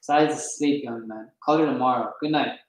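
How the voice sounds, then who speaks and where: A man's voice: mid-range voice, fairly quick, close to an everyday voice. A man doing an older woman's voice, a stern grandmother who speaks coldly and scolds. The sound rings out in a very echoey room. It reads like a storybook scene. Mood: cold scolding. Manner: cold and scolding.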